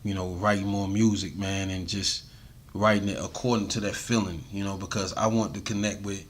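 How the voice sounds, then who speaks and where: A man with a deep voice, a music artist telling stories in a casual interview, laid-back and full of slang and fillers. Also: fairly even intonation, a little fast. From USA. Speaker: interview guest, reggae and hip-hop artist.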